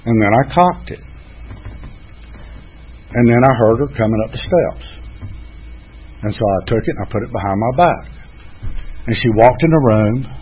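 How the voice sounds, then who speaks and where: A man's voice: on the low side, slight background noise. A man in his sixties frankly telling his own recovery story, mocking himself at times. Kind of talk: candid personal testimony. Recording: dull, muffled recording.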